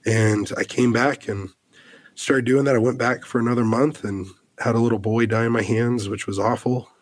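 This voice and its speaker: An American man in his thirties, a podcast guest, telling a personal story in an earnest, halting way, full of fillers and restarts. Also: medium pitch, fairly even intonation. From United States.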